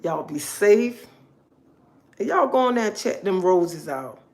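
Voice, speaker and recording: A woman's voice: medium pitch, lively intonation, measured pace, darkish tone. A woman talking casually to her viewers on a live stream, chatty and emphatic, repeating herself often. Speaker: livestream host.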